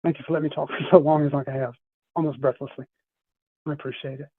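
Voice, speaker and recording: A man's voice: a little high, steady tone, fast talker, breathy edge, no room sound. A middle-aged man, a podcast guest, telling a personal story in an earnest, rambling way, often restarting his phrases. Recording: tinny phone-line sound.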